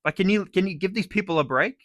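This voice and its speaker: A man's voice: high voice, quick pace, no room sound, clean studio sound. A young Australian man ranting on his vlog, swearing freely and mocking with sarcasm. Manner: profane, sarcastic, animated ranting. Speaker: YouTuber.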